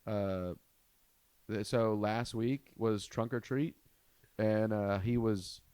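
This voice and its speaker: A man in his thirties, a comedian hosting a podcast, telling a profane family story in an animated way. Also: medium pitch, no echo. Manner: animated, profane, rising to shouts at the punchlines.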